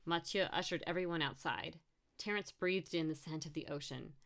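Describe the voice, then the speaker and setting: A woman with a low, steady voice reads a short story aloud as an audiobook. She tints the dialogue with small changes for each character. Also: normal speed. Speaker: audiobook narrator. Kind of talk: audiobook narration.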